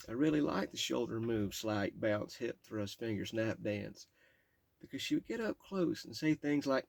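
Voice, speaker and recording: A man's voice: medium pitch, animated, a little slow, gravelly, a little mellow, dry recording. A man reading his own memoir aloud in a candid, plain-spoken way, with casual asides. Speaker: memoir narrator.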